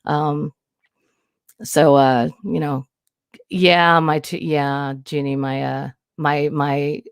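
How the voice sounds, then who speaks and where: A woman's voice: sits low, flat delivery, slow pace, clean tone, no room sound, studio quality. A woman hosting a casual livestream, talking candidly and rambling, nervous and emotional. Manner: rambling, candid, frequent restarts and swearing. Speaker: livestream host. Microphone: new studio mic.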